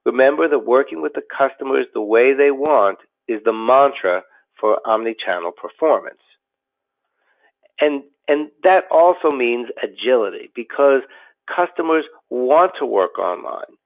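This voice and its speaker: A man, a company president, giving a scripted business webinar in a steady, explanatory way with occasional fillers and restarts. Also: medium pitch, unhurried, vocal fry. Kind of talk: scripted webinar presentation over slides. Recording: tinny phone-like audio.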